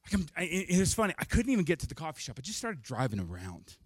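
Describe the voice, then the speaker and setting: A man's voice: on the high side, wildly swooping pitch, fast, breathy edge, no echo, clean studio sound. A man preaching a sermon as a pastor, telling a personal story candidly with self-deprecating jokes.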